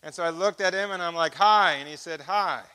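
High, bright-voiced man preaching a testimony. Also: fast talker, clear, resonant tone. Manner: animated storyteller who acts out dialogue. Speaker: speaker giving a testimony.

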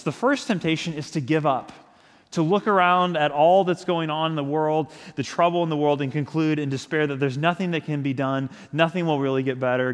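Reflective male pastor in an echoing church. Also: fairly high pitch. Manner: reflective, conversational preaching with small restarts. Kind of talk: sermon. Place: church sanctuary. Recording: long church-hall reverb.

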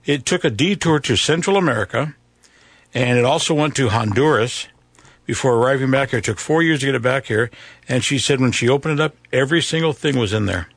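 Gravelly-voiced male morning show host. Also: mid-range voice, fairly quick, a bit bright, dry recording. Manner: chatty, jokey storyteller. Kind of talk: casual morning show banter.

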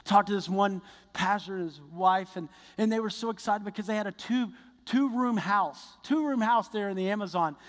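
A male pastor preaching a sermon, telling stories with excited earnestness that builds into fervent prayer. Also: sits high, moderate pace, big-room sound.

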